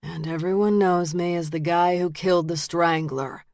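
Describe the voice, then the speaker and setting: A woman reading the lines of a calm, menacing male detective who turns out to be a killer, in a quiet, flat voice. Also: lowish voice, normal speed, no echo, studio quality, lightly acted. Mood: cold menace.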